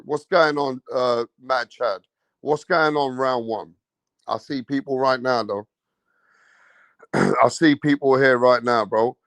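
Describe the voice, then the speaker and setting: A man's voice: on the high side, no echo. A man hosting a casual livestream, swearing and using slang as he rants and talks to his chat. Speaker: livestream host.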